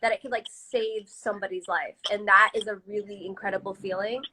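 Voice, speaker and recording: A woman's voice: medium pitch, fairly even intonation, a little fast, bright, forceful tone, slight background noise, poor audio. A woman singer chatting casually in a live-stream interview on a phone, filling her talk with "like" and "you know". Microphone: phone on a live video stream.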